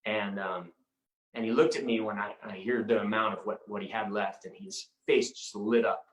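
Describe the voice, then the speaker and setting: A man with a fairly low voice tells a personal story as an inspirational speaker. He speaks earnestly and haltingly and often repeats words as he finds them. The sound rings with the echo of a roomy space. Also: steady tone.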